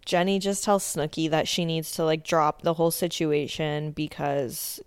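A woman's voice: sits low, little pitch movement, normal speed, smooth, no room sound. Brief: woman podcast host, casual opinionated recap, lots of "like" fillers; dry close recording. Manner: blunt, swears often, many "like" fillers.

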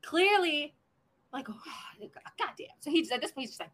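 Podcast co-host, woman; bright, high voice that swoops around, profane animated storyteller. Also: a little fast. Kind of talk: casual podcast chat.

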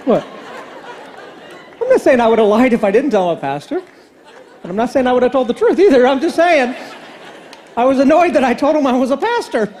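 A man's voice: very high voice, sing-song, brisk, pauses often, a little mellow, some chatter behind, a little hiss or hum. A male pastor giving a sermon in a chatty, joking storytelling manner with playful asides to the congregation.

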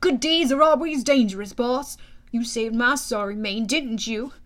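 A woman voicing a loyal, cheeky male flying horse with a brisk, chummy manner in an audiobook. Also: a little high, close to an everyday voice. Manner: brisk and chummy, calling the hero boss.

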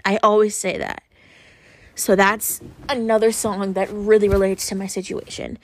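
A young woman hosting a podcast, talking frankly and earnestly in a casual monologue, often pausing on fillers. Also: mid-range voice, level tone, no room sound. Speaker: podcast host.

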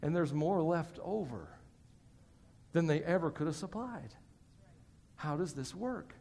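A male pastor preaches a sermon in a church, his voice slightly high, gravelly and warm, delivered a bit slowly but with animation. He keeps things conversational, tossing joking asides to the congregation between points. The recording carries hall reverb.

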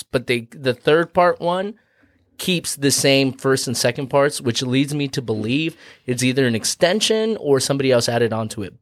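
A man's voice: mid-range voice, dry recording, clean studio sound. Rambling man co-hosting a chatty podcast. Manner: rambling, profane, explains with asides. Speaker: podcast co-host. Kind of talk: casual chat.

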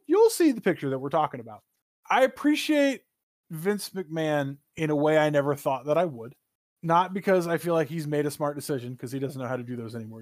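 A man with a slightly higher voice chats on a gaming podcast. He rambles and swears, and his pitch leaps up without warning. The sound is dry and close. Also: no room sound. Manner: animated, profane, rambling with sudden jumps in pitch. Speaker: podcast co-host. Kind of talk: casual gaming podcast chat.

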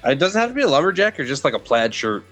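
A man co-hosting a casual gaming podcast, quick with jokes and banter. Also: a little high, sing-song, a bit bright, soft background music. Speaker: podcast co-host.

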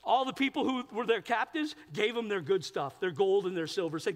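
Very high-voiced animated male pastor. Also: brisk, in a large hall. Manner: animated storytelling, shifting between loud exclaims and quiet asides. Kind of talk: sermon. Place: large church sanctuary.

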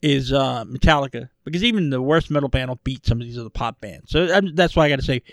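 Profane ranting podcast co-host, dry. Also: male voice, mid-range voice, quick pace, no room sound. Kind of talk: casual chat.

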